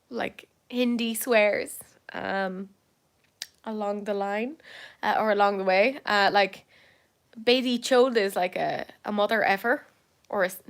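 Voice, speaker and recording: A woman's voice: medium pitch, a bit bright, smooth. A young Irish woman chatting casually with her viewers, rambling with fillers, laughing often and poking fun at herself. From Ireland. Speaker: livestream host chatting with viewers. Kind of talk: casual chat.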